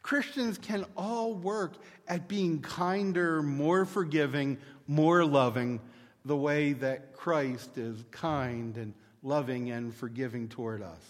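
A male pastor preaching a sermon in a measured, storytelling manner. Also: a little high, long reverb tail.

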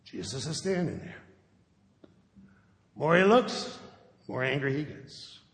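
Gravelly high-voiced male pastor preaching. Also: very animated, slow pace, a bit bright. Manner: conversational storytelling, often checks in with "okay?". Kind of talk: sermon. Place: church sanctuary. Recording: echoey sanctuary with long reverb.

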